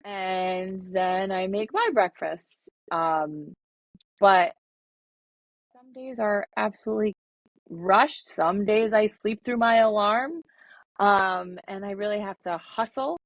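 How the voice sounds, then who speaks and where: A woman co-hosting a podcast, talking in a relaxed, rambling way with lots of fillers. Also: medium pitch, slow, no echo, poor audio. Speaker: podcast co-host. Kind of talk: casual podcast chat.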